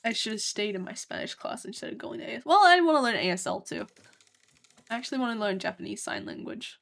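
Speaking fast in a fairly high voice with vocal fry, an Australian woman comments casually on the game she's streaming. Excitable and foul-mouthed, she erupts into sudden yelps and laughs.

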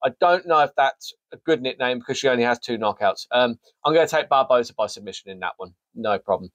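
A man's voice: medium pitch, expressive, fast talker, no room sound. A man hosting a sports show, casually previewing a fight card with jokey, rambling, self-mocking asides. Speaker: sports podcast host.

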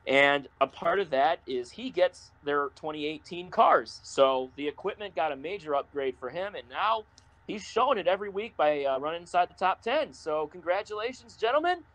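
A male co-host on a casual racing podcast talks with a lively, swooping pitch. He rants loudly and slips into mock crying. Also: normal speed, few pauses. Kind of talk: casual sports podcast chat.

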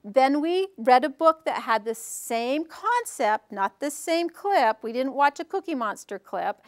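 A woman presenting a parent workshop on early learning, telling a story in an animated way and asking the audience questions. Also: high voice, unhurried, no echo, studio quality.

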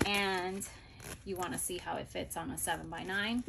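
A woman's voice: lowish voice, fairly even intonation, normal speed, vocal fry, background noise. A woman chatting casually and gushing over planners as she shows them off, thinking aloud as she goes. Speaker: planner vlogger. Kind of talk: casual product haul chat.

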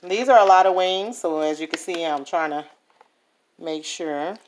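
A woman's voice: on the low side, unhurried. Brief: New woman, home cook, chatty vlog voice, faint noise behind. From New Orleans, USA. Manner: chatty, keeps checking in with the viewer. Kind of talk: casual cooking vlog.

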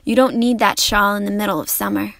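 A woman's voice: mid-range voice, fairly even intonation, fairly quick, gravelly, a bit bright, no echo, clean studio sound. A woman reading the part of a gloomy, sleepy husband, talking in a resigned, sighing way. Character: weary, gloomy husband who longs for sleep.

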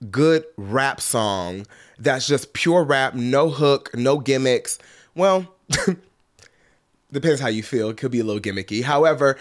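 A man with a congested, stuffy voice giving chatty, sassy pop culture commentary straight to his viewers. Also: medium pitch. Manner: chatty and sassy, calling listeners girl and honey. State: congested from blocked sinuses.

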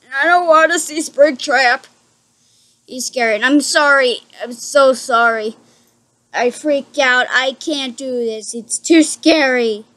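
A frightened woman with a high, light voice talks through a horror game in a room at home. She is jumpy and easily spooked, and keeps apologizing to her viewers. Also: takes it slowly, a bit bright. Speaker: gaming channel host.

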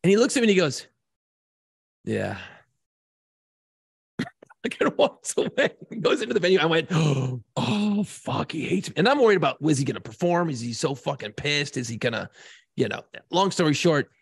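Gravelly, profane man telling a story. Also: on the high side, lively intonation, fairly quick, no room sound, clean studio sound. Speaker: podcast co-host. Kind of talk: casual storytelling.

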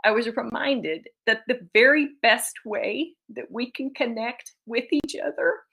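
A woman's voice: on the high side, a little slow, vocal fry, fairly bright tone, breathy edge. A woman children's author giving a conference talk over a video call, reading readers' letters, tearful and laughing often.

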